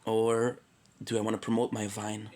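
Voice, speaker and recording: A man's voice: on the low side, completely flat delivery, moderate pace, mellow, low-quality recording. A man from Quebec, Canada, rambling through a joking, tangent-filled casual monologue and swearing freely. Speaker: streamer.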